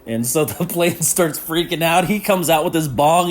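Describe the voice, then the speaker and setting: A man's voice: on the high side, normal speed, few pauses. A man hosting a casual solo podcast, rambling and laughing often as he talks with lots of slang. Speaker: podcast host.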